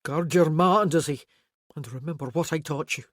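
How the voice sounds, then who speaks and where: A narrator voicing a young Highland laird and warrior who speaks calmly and firmly in a historical romance audiobook. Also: a little fast, dry recording, clean studio sound, lightly acted. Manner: calm, firm, commanding. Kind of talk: audiobook character voice.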